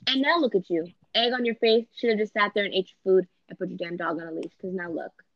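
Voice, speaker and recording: A woman in casual podcast chat, blunt and animated, swearing freely and acting out quotes. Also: medium pitch, fast talker, no room sound. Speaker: podcast co-host. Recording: dull lo-fi sound.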